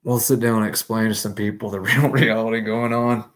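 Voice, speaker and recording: A man rambling to himself, swearing often, laughing and swinging between loud outbursts and low muttering. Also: flat delivery, fairly quick. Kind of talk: rambling solo talk. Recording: echoey room, mic far off.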